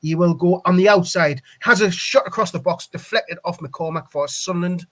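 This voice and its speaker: High-voiced excitable match commentator man. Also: fairly quick. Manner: excitable, voice leaps up on chances. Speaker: play-by-play commentator on a fan live stream.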